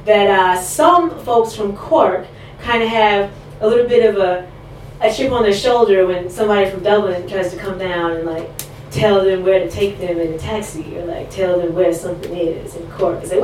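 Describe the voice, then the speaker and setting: A woman performing spoken word poetry live, with a measured, rhythmic recitation and loose, laughing asides between pieces. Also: mid-range voice, a little hiss or hum. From United States. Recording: echoey distant live room recording.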